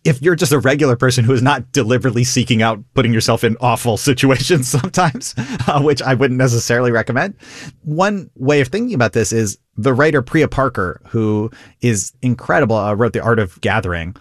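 A man, a comedian, talking through an interview in an animated way, laughing and acting out quoted lines. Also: medium pitch, a little fast, no echo, studio quality. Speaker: comedian guest. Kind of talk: conversational interview.

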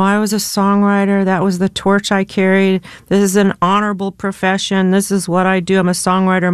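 A woman's voice: medium pitch, smooth, dry recording. An American woman in her fifties, a singer-songwriter guest, talking candidly and reflectively in a radio interview and laughing often. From United States. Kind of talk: relaxed radio interview conversation.

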